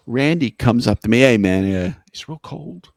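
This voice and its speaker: Lively man telling a story. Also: medium pitch, normal speed, vocal fry, slightly rough, no room sound. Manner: animated anecdote-telling, acts out quotes. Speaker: guest musician. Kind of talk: casual storytelling interview.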